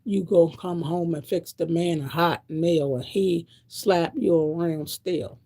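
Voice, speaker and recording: A woman's voice: lowish voice, fairly even intonation, takes it slowly, mellow. A woman in her sixties giving a blunt, preachy monologue to camera, repeating her points. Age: 60s. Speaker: vlogger.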